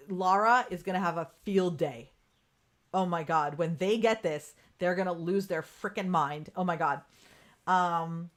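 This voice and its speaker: A woman hosting a casual live-stream coaching talk from home, candid and profane, laughing often and answering viewer comments. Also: mid-range voice. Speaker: podcast host. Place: home room with ring light.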